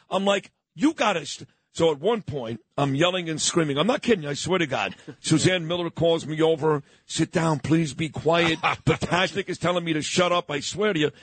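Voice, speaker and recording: A brash middle-aged man, hosting a morning talk radio show. His voice sits a little high for a man, and the studio sound is dry and close. He tells stories with gusto, acting out the people he quotes. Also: normal speed, fairly bright tone, no echo. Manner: brash, storytelling, acts out quotes. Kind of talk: animated talk radio monologue.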